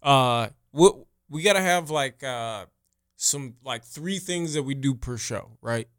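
A man's voice: mid-range voice, animated, takes it slowly, fairly bright tone, clean tone, no room sound, studio quality. A man who is a comedian co-hosting a podcast, chatting casually with loose, joking asides. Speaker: comedian co-host.

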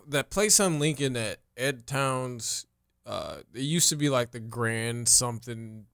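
A young man, co-hosting a comedy podcast in a loose, halting way, full of fillers and swearing. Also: mid-range voice, gravelly, fairly bright tone, clear, resonant tone, no room sound, clean studio sound. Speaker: comedian co-host. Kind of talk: casual podcast chat.

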